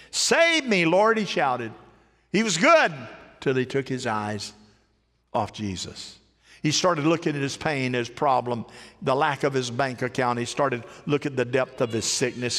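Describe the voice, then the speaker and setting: A man preaching a sermon in a church, swinging between loud rising cries and low hushed phrases. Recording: long hall reverb.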